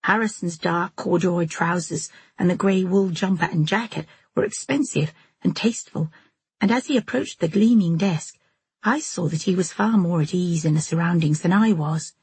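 A woman reads a first-person novel aloud in a measured, steady way. Her voice is husky and breathy and sits a little low. The recording is close and very dry. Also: no room sound. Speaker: audiobook narrator.

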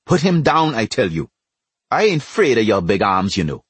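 A blunt, commanding Trinidadian street elder from a storybook, quick to scold, voiced by a man. The voice is low and husky. It sits close and dry. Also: big pitch swings, no echo.

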